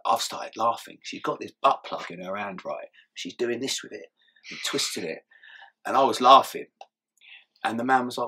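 A young man recounts events in a loose, sweary way, often laughing mid-sentence. His voice sits low and sounds husky. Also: fairly quick, pushed and bright. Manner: swears often and laughs through his story, mumbling asides. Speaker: interview guest. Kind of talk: casual storytelling interview.

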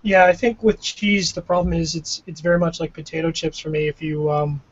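A man with a Canadian accent and a slightly high voice co-hosts a cigar pairing show, chatting casually about a tasting in a musing, self-deprecating way. He talks fairly quickly with fairly even intonation, and the lo-fi audio sounds dull.

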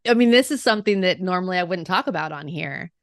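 A woman's voice: lowish voice, animated, fast talker, no room sound, studio quality. A woman guest on a podcast, chatting casually about films with frank, emphatic opinions. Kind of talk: casual movie chat.

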